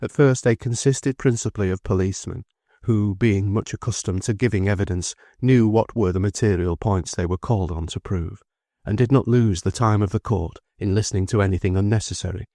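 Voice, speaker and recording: Low-voiced male audiobook narrator. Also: no echo, studio quality. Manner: measured, expressive reading.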